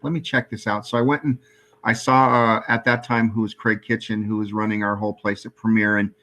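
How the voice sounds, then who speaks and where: A man interviewing a former colleague in a conversation, relaxed and often chuckling along. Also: lowish voice, brisk.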